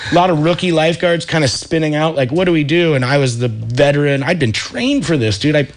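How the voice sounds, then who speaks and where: Radio talk show guest, thirties, Californian man, relaxed surfer storyteller, higher-pitched voice. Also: brisk. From Santa Cruz, California. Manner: laid-back surfer talk, lots of dude and like. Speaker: radio show guest, wetsuit company founder.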